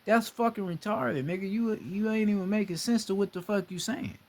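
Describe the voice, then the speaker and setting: A young man talking in a casual monologue, profane and animated, often slipping into mocking voices of others. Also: high-pitched, fairly quick.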